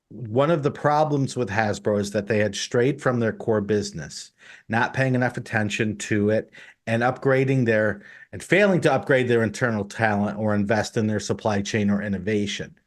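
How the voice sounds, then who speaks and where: A man hosting a tabletop gaming podcast, chatting casually and getting animated when incredulous. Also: on the low side. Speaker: podcast host.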